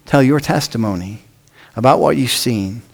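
A man preaching a sermon, with measured phrasing that drops off at the ends of lines. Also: medium pitch, gravelly, poor audio. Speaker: pastor.

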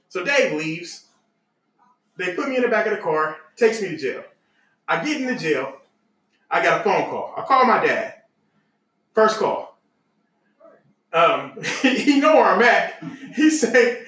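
Laughing, animated man telling a story. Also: sits high, a little slow. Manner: laughing, animated storyteller with loose casual grammar. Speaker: podcast host. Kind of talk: casual storytelling chat. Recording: echoey room, mic at a distance.

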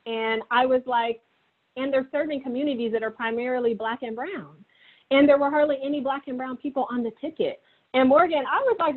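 An earnest woman speaks warmly to listeners on a call, urging them to reflect. The sound is narrow and muffled, like a phone line. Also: sits high, a little fast. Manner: earnest, encouraging. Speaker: co-host.

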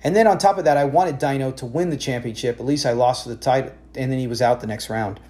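Animated man telling fantasy football stories. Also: medium pitch, fast talker. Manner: animated storytelling with self-corrections. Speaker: podcast host. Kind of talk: casual fantasy football chat.

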